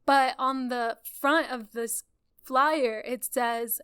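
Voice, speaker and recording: A woman's voice: on the high side, slow pace, clean tone. A woman, co-hosting a casual podcast and telling a story with lots of laughter and acted-out quotes. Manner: animated storyteller, acts out quotes, laughs often. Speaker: podcast co-host.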